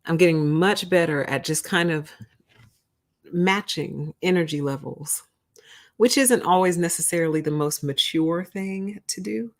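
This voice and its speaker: A young adult woman with a low voice chats casually on her livestream. She is blunt and candid, laughs often, and acts out her own quotes. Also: moderate pace, hardly any pauses. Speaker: livestream host.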